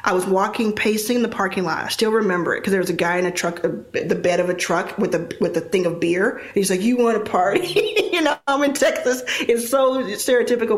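A woman's voice: mid-range voice, quick pace, few pauses. A woman in her forties, speaking in a mid-range voice. She recounts her past candidly and reflectively as an interview guest. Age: 40s. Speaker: guest, investor. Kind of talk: casual interview storytelling.

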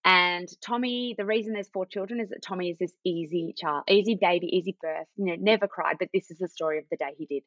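Australian woman, 30s, low voice, dry slightly muffled podcast audio; storyteller. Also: fast, few pauses, no room sound. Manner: warm anecdotal storytelling, acts out quoted dialogue. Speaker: parenting guest, parent educator. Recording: dull, slightly lo-fi dry sound.

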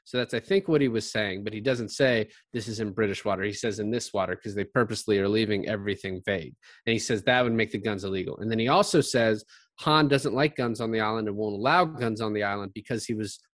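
A man's voice: fairly low pitch, quick pace, dry recording, studio quality. A man in casual conversation, rambling through a film and acting out the characters' lines as he goes. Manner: rambling, animated retelling with quoted voices. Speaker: podcast co-host discussing a film. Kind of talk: casual chat.

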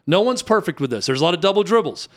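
A high-pitched man in his thirties tells a long story in a casual chat. He talks in an animated way and jumps up in pitch whenever he acts out the people in it. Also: rapid-fire. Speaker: youth basketball coach telling a story.

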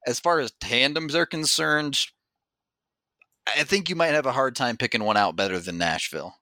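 A man's voice: medium pitch, moderate pace, pushed and bright, no echo. A man hosting a hockey podcast in casual chat, steering the talk and laughing easily. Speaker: podcast host. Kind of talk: casual sports chat and host-read ad.

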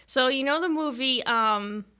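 Bright, lively woman telling a story. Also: sits high, unhurried, smooth. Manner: animated storyteller, laughs often, acts out quotes. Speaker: guest musician. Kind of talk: casual chat.

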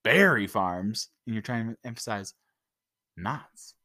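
Man, 30s, joking podcast co-host, bright and animated. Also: fairly low pitch, measured pace. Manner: joking, teasing, playful. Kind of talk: casual chat.

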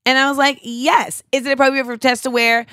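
A woman hosting a podcast, talking in a blunt, animated way and swearing freely. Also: sits high, brisk, dry recording, clean studio sound. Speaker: podcast host. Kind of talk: casual chat.

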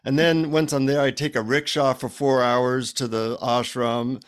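A middle-aged man, an author, telling a story in an animated conversational way and acting out the dialogue. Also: medium pitch, a little slow, clean tone. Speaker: author guest.

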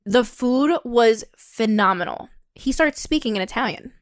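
A young woman with a fairly high voice tells a dating story in casual chat. She keeps it animated and throws herself into the quoted lines. The sound is close and dry. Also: unhurried, dry recording. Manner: animated, acts out quotes with a higher pitch, swears, laughs.

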